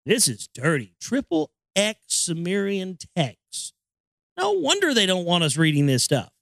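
A man's voice: sits high, wildly swooping pitch, a little slow, fairly bright tone, dry recording, clean studio sound. A man who hosts a podcast, reading an ancient text aloud and ranting over it in crude, profane language. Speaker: podcast host.

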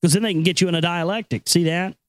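A man's voice: sits high, fairly even intonation, quick pace, smooth, no echo. A male talk show host who reads news items and rambles about them in a profane, casual way. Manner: profane, rambling, laughs often.

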